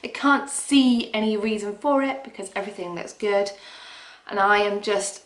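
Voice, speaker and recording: A woman's voice: mid-range voice, normal speed. Woman vlogger, middle-aged, candid straight-to-camera talk, echoey room. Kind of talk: personal pregnancy vlog.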